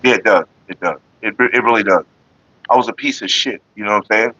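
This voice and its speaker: Low-voiced and fast, the host of this casual Northern California vlog wanders through viewer replies with plenty of swearing and a laid-back air, touching on staying calm. There's no echo, though the lo-fi audio sounds dull.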